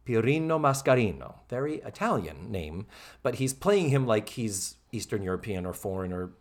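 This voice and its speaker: A man co-hosting a casual podcast, recapping a sitcom episode with animated delivery and free swearing. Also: on the low side, normal speed. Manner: animated, swears freely, acts out quoted lines. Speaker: podcast co-host.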